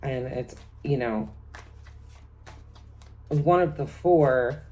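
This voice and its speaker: Very slowly and in a dark, low voice, the middle-aged tarot reader goes through a spread for her audience in a relaxed vlog. She chats away, rattles off each card's many meanings, and laughs between them.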